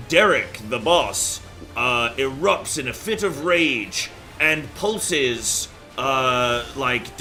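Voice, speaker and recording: A man's voice: medium pitch, pushed and bright. A young man chatting loosely on a game stream, rambling with fillers and the odd swear word. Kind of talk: casual live-stream chat.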